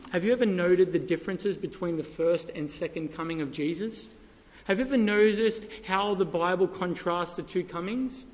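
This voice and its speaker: Impassioned high-voiced male preacher. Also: normal speed. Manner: impassioned, swings from hushed to loud. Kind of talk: sermon. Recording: dull sound with long hall reverb.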